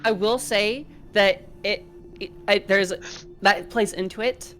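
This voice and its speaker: A woman's voice: medium pitch, slow pace, fairly bright tone, soft background music. A woman playing a tabletop game, describing her character in a rambling, hesitant way with many fillers. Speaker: player. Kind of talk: casual tabletop game chat.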